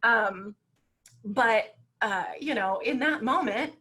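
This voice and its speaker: A woman speaking as a guest on parenting, telling stories in a lively, conversational way and often checking in with "right?" over a video call. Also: fairly high pitch, takes it slowly. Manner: lively storytelling, frequent "you know" and "right?". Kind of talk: conversational talk.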